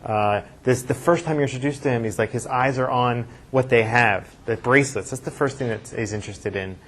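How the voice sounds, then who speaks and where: A rabbi teaching a classroom lecture, thinking aloud and reading verses aloud with emphasis, with class discussion. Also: male voice, mid-range voice, fairly quick, fairly bright tone.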